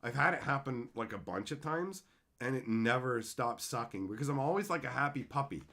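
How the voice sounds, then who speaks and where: A man's voice: mid-range voice, animated, brisk, sharp tone. A man live streaming and chatting with viewers. He reads their messages aloud and rants in a frustrated voice, swearing often. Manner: ranting, frustrated, swears a lot.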